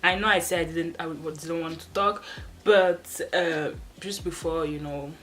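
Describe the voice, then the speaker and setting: Slow, low-voiced chatty woman vlogger. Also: steady tone, a bit bright, faint music behind, low-quality recording. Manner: rambling and chatty, with frequent restarts and laughter. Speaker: hair-care vlogger. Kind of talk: casual chat to camera. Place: at home, seated in front of a wall. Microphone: camera placed off to the side.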